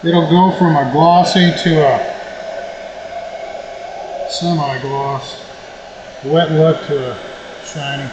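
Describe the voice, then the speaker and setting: A man giving a relaxed live-stream workshop demonstration while he works, thinking aloud as he goes. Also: fairly high pitch, takes it slowly, long pauses, muffled recording. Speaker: model-making instructor. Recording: noisy workshop recording.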